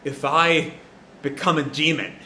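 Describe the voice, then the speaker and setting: A man voicing a young man who is turning into a demon and begs for his father's attention, in a frantic, loud way. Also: a little high, a little slow. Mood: pleading. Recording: echoey room.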